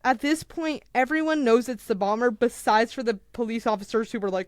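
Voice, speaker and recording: A young woman on a podcast, retelling a true crime story in a casual, animated way, full of "like" and acted-out quotes. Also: fairly high pitch, moderate pace, hardly any pauses, no room sound, studio quality. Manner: animated, acts out quotes, filler "like".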